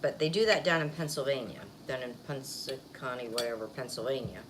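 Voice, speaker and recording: A woman's voice: extremely low pitch, brisk. A woman vlogger chatting casually while eating on camera, rambling and laughing easily. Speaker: mukbang vlogger. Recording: faint background noise.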